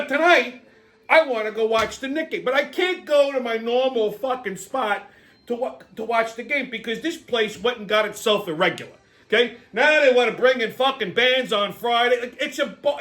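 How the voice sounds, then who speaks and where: A fed-up man with a noticeably high voice rants straight to his audience, cursing freely. He trips over himself with stammered restarts as his aggravation builds, sounding worn out by the people around him. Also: expressive, fairly bright tone. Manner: exasperated, sweary, rapid restarts and stammers. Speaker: channel host. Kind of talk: profane ranting monologue.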